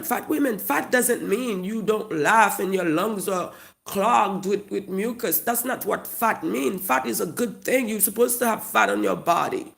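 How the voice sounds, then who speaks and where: Gravelly comedian ranting with a Haitian accent. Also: mid-range voice, a little slow. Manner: profane, loud, mocking storytelling. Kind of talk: comedic rant to camera.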